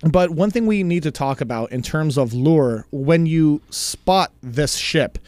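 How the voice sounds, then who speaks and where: A man's voice: on the high side, expressive, unhurried, darkish tone, no echo. A man co-hosting a podcast, telling a story in a chatty, casual way and laughing easily. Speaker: podcast co-host.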